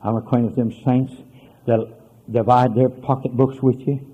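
Husky preacher, hollering. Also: male voice, mid-range voice, little pitch movement, normal speed, phone-quality sound. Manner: swings from hushed storytelling to hollering shouts. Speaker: pastor. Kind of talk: holiness sermon. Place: church.

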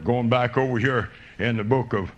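A man's voice: mid-range voice, moderate pace, highs cut off. A man preaching a sermon, telling folksy stories of faith with fervent energy.

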